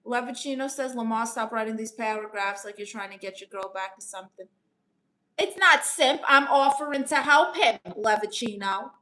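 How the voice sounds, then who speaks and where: A woman with a New York accent, her voice bright and forceful and pitched a little high. She chats on a live stream, reading out viewers' comments and answering each one in a playful auntie manner, calling people honey. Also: normal speed. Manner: chatty, calls viewers honey, playful aunt persona. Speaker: live streamer giving advice.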